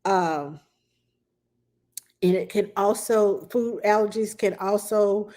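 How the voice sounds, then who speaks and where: A woman hosting a casual advice talk for parents. Her voice sits at an ordinary middle pitch, and she talks in a loose, chatty way, full of fillers and storytelling asides. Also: slow pace, dark tone. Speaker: childcare advice host.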